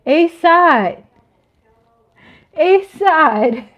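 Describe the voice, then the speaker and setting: Hosting a laid-back livestream, this woman in her fifties reads out chat comments, giggling playfully and breaking into short sung riffs. She sits high in pitch, with a fairly bright, expressive sound and drawn-out words.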